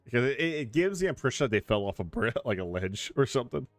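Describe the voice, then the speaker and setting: A man's voice: mid-range voice, very animated, fast, dry recording, faint music behind. A young man streaming a game, chatting loosely and joking in a rambling way. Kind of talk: casual gameplay commentary. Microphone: desk mic with compressor.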